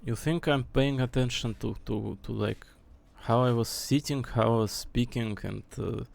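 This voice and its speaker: A man in his late twenties chats casually on his stream and thinks out loud in a hesitant, rambling way, full of fillers. His voice sits at a middle pitch and has a gravelly, fry-heavy texture. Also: normal speed. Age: 20s. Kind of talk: casual chat.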